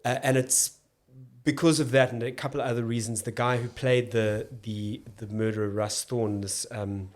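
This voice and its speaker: A South African man, an actor and comedian, talking as a podcast guest in a thoughtful, halting way, often restarting his sentences. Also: medium pitch, level tone. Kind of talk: casual podcast conversation.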